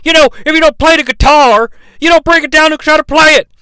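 A man putting on an impression of an excitable male wrestling commentator who shouts catchphrases. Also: extremely high pitch, fast, no echo, voice pushed up. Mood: boastful.

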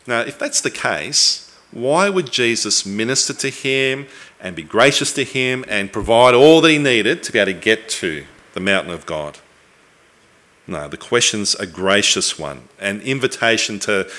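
A man preaching a sermon, earnest and reflective, with thoughtful pauses and the odd restart. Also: lowish voice, lively intonation, sharp tone.

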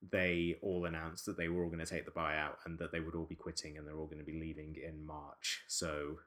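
A man's voice: a bass voice, monotone, fairly quick, a bit bright. A man hosting a casual podcast discussion, talking in rambling, wry runs with frequent restarts. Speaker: podcast host.

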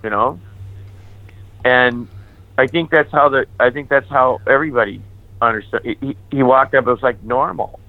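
A man who is a priest tells his own story with candid, lively energy and slips into the voices of the people he quotes. His voice comes through thin and tinny, like over a phone line, with a dry, close sound. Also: medium pitch, moderate pace, dry recording. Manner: animated, candid, acts out remembered dialogue. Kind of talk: personal testimony storytelling.

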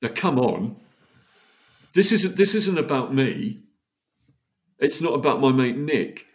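A man's voice: medium pitch, takes it slowly. Guy on a podcast, storytelling, does the voices when he quotes people. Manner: animated, acts out quoted dialogue. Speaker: podcast guest. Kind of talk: storytelling in casual chat.

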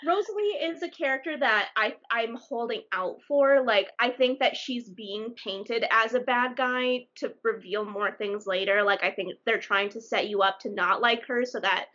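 A woman's voice: fairly high pitch, moderate pace, few pauses. Chatty woman, lo-fi recording. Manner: chatty and animated, with self-interrupting restarts. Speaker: podcast co-host. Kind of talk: casual book discussion.

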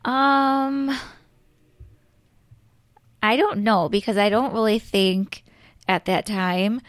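A woman's voice: medium pitch, steady tone, slow pace, no room sound, studio quality. A woman in her thirties, a teacher guest on a podcast, speaking hesitantly with many ums and you-knows. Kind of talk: casual podcast chat.

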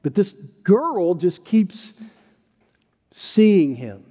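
A man preaching a sermon, telling a story with earnestness, rising high and loud on quoted denials and dropping low and soft on solemn points. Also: big pitch swings, very slow, long pauses, long reverb tail. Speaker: pastor.

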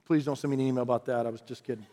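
A man's voice: mid-range voice, steady tone, very fast, warm tone. A male pastor preaching a sermon in a conversational style that builds into emphatic, repeated phrases. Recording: long reverb from a large hall.

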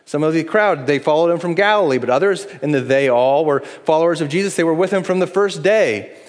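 A middle-aged man preaching a sermon as pastor, earnest and pleading, moving between hushed appeals and lively acted-out asides. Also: fairly high pitch, fairly quick. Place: church sanctuary. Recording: long reverb in a large hall.

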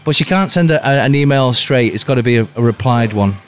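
A man's voice: mid-range voice, fast, soft background music. Guy rambling thru dry stories, does all the voices himself. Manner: dry, rambling storyteller who acts out quotes. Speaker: guest musician. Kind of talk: casual chat. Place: Cork, Ireland.

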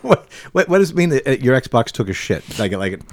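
A man's voice: medium pitch, very animated, a little fast, no echo, studio quality. A man hosting a casual podcast, asking curious questions and steering the talk. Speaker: podcast host. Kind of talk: casual chat.

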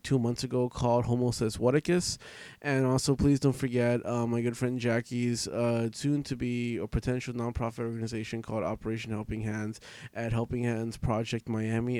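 A man co-hosting a podcast, reading off plugs in a relaxed, rambling way with plenty of fillers. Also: medium pitch, normal speed, no echo. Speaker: podcast co-host. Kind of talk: casual chat, show plugs.

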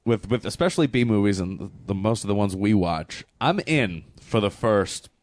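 A man's voice: lowish voice, animated, normal speed, no echo, studio quality. A man co-hosting a casual movie review podcast, talking in a blunt, exasperated, sarcastic way. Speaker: podcast co-host.

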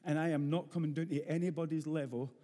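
A middle-aged Glaswegian man preaches a blunt, earnest sermon in a rough-edged Scottish voice that sits a little high for a man. He hammers his points home by repeating phrases. His words ring out with a long hall reverb. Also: steady tone, fast talker, warm tone. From Scotland, Glasgow.

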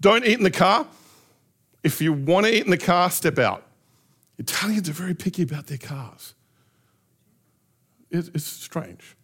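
A middle-aged man telling lively anecdotes in a relaxed storytelling talk, often laughing as he goes. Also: high-pitched, a little slow, long pauses, slightly rough. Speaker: speaker.

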